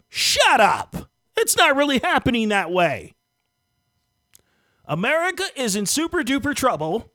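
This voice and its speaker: Fired up political rant host, bright high voice swinging all over. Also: no room sound, studio quality. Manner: indignant, emphatic, mocks opponents in quoted voices. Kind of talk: heated political commentary.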